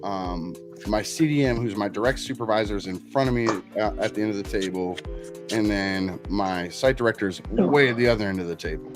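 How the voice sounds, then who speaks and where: A man's voice: on the low side, a little fast. A man, telling a long workplace story in a casual, profane, self-mocking way. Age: 40s. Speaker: podcast host. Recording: music playing underneath.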